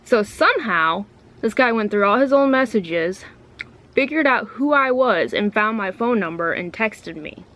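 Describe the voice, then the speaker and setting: A woman's voice: on the high side, animated, measured pace, a bit bright. A woman vlogger talking to camera in a casual, ranty way, blunt and full of swearing. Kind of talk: casual ranting vlog.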